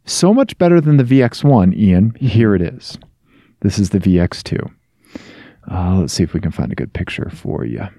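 A man co-hosting a casual podcast, talking in an animated, joking way. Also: on the low side, normal speed, dry recording, clean studio sound. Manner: animated, chatty, jokey. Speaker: podcast co-host. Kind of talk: casual chat.

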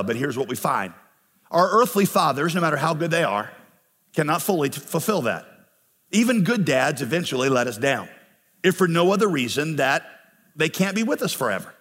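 A man's voice: fairly high pitch, fairly bright tone, big-room sound. A man preaching a sermon as pastor, earnest and building in passion on key phrases. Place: church sanctuary.

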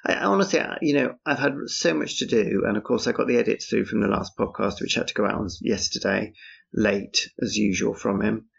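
A man's voice: lowish voice, brisk, vocal fry, slightly rough. A man talking outdoors on a street at night in a rambling, casual monologue, with wry, dryly sarcastic asides. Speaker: podcaster. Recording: dull, muffled lo-fi recording.

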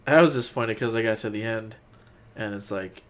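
A man's voice: lowish voice, a little fast. Teasing man with faint background noise. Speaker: podcast co-host. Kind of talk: casual banter.

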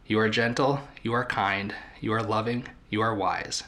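A man's voice: lowish voice, fairly even intonation, normal speed, fairly bright tone. A man reading out the words of a tearful, steely woman in the audience, firm and earnest.

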